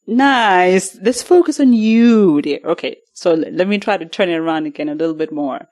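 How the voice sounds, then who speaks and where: A woman's voice: fairly low pitch, lively intonation, moderate pace, a little mellow. A woman interviewing her husband on a podcast, playful and a bit hesitant with her questions. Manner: playful, laughing easily, hesitant. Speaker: guest interviewer.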